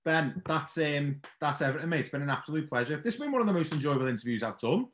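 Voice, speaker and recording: A man's voice: on the high side, lively intonation, fast talker, fairly bright tone. A man hosting a podcast, asking quiz questions in a casual, chatty way and laughing often. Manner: chatty, laughs often, calls guest "mate". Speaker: podcast host.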